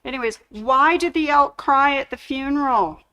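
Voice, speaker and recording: This high-pitched woman speaks at a moderate pace with a pushed, bright sound, hosting a chatty fabric store livestream full of corny jokes and product showcases. The audio quality is rough.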